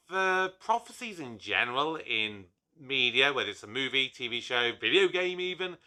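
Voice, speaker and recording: A man's voice: on the high side, bright, forceful tone. A man hosting his own review channel, talking casually with enthusiasm and rambling into frequent asides. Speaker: YouTube reviewer host.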